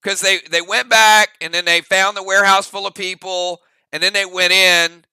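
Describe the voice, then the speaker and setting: A man's voice: high voice, little pitch movement, normal speed, pushed and bright, clean tone, dry recording. A man hosting a live-stream reaction show, chatting loosely with his viewers and thinking aloud with many restarts. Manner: rambling, thinks aloud with restarts, talks straight to chat.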